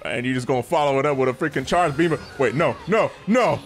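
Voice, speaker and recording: A man giving excitable, slangy let's play commentary, often yelping into high squeals. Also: quick pace, hardly any pauses. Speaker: gaming YouTuber. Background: faint game music.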